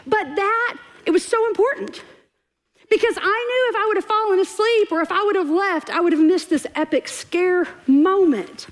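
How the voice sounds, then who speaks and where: Woman preacher, high bright voice, laughing storyteller. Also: fairly quick. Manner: animated, laughing storyteller who acts out quotes. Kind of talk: storytelling sermon. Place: church stage before a congregation.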